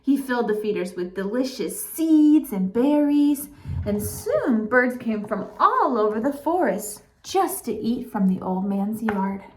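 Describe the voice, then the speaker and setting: A woman reads a children's picture book aloud in a high, sing-song voice that swoops up and down. She takes her time, stopping now and then to chat playfully with her young listeners. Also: expressive, a little slow.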